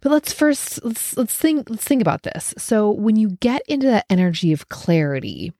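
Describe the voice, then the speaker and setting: Very animated and warm, this woman's mid-range voice moves at a moderate pace as she hosts her own casual solo podcast. Her talk is reflective and chatty, full of fillers, recorded at studio quality without room sound.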